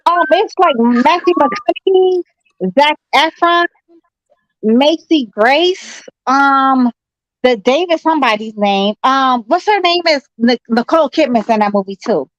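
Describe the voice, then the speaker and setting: A woman in a casual group chat, animated and slangy, talking over the others. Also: sits high, measured pace, no room sound, rough recording. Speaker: chat participant.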